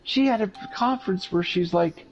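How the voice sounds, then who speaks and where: A man recovering from surgery, telling profane, animated stories in a casual chat. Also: high voice, moderate pace, soft background music. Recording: dull lo-fi recording with faint noise.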